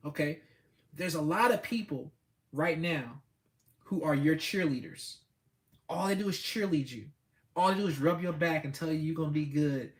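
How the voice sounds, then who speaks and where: A man's voice: a little high, measured pace. A man giving a blunt, preachy motivational talk with speech, repeating himself for emphasis. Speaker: host.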